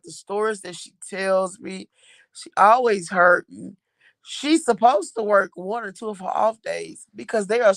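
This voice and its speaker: This middle-aged woman from Texas, telling viewers about her son's new job, is chatty and lively, laughs frequently, and drops Southern US slang. Her voice is ordinary in pitch and creaky, captured close and dry without any room sound.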